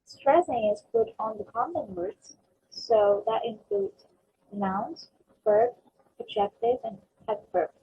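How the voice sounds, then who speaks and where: A young woman student presenting a pronunciation lesson, reading example words slowly and carefully. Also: a little high, sing-song, husky. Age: young adult. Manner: slow, careful reading of word lists. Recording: slightly dull lo-fi recording.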